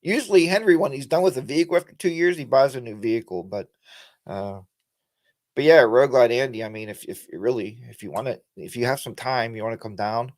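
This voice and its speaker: A man's voice: medium pitch, a little fast. A middle-aged man from the United States hosting a casual motorcycle live-stream chat, rambling with lots of fillers and restarts. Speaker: motorcycle channel host.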